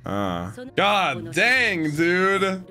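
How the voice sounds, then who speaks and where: A man hosting an anime reaction video, talking in an excitable, exclamatory, slangy way. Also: high voice, drawn-out words, soft background music.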